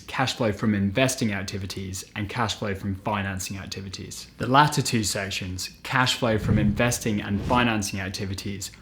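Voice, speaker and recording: A man hosting an educational channel, explaining accounting step by step in a clear, methodical scripted delivery. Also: fairly low pitch, a little hiss or hum. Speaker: host of an accounting lesson channel.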